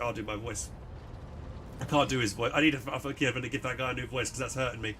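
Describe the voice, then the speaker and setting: A man's voice: mid-range voice, fairly even intonation, quick pace, sharp tone, a little hiss or hum. A man streaming a game, reading it aloud and voicing the characters, with self-mocking asides.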